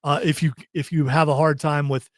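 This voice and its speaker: Joking radio host, dry studio sound. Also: male voice, a little high, little pitch movement, a little fast, no echo. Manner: joking, rambling, reads listener texts. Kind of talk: casual on-air banter.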